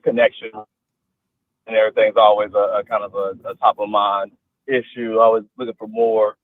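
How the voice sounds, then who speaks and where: A man's voice: on the low side, flat delivery, moderate pace, no echo. A friendly, easygoing man heard over a tinny phone line. The sound is thin and dry, with nothing of a room around it. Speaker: sales prospect on the phone. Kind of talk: phone conversation.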